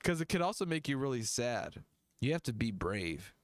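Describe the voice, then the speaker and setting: A man's voice: medium pitch, very animated, moderate pace, no echo. Rambling, profane male livestream host. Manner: rambling, profane, laughs often. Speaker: music review livestream host. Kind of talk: casual livestream rant.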